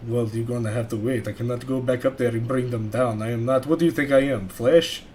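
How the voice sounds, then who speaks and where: A man's voice: mid-range voice, steady tone, a little fast, a little mellow, a little hiss or hum. A man playing a tabletop game, blunt and joking, with casual swearing. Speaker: player.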